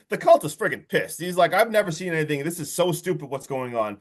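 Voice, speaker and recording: A man on a podcast excitedly retelling a horror movie's plot in a rambling, casual way. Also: fairly high pitch, a little fast. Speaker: podcast co-host.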